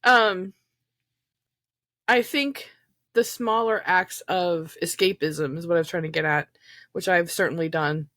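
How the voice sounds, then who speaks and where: A woman's voice: fairly low pitch, steady tone, measured pace, pauses often, a bit bright, no room sound. A woman co-hosting a recovery podcast over a remote call, talking things through in a reflective, rambling way with fillers. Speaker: podcast co-host. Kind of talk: casual podcast chat about trauma recovery.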